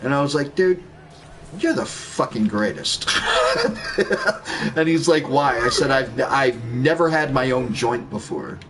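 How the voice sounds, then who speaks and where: A man's voice: mid-range voice, a little slow, background noise. A man casually telling a rambling story while gaming, laid-back and swearing freely. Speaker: gaming streamer.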